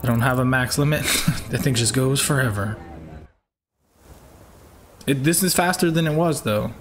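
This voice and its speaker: A man's voice: mid-range voice, normal speed, slight background noise. A young man from Georgia, chatting upbeat with viewers as he live-streams a racing game from home.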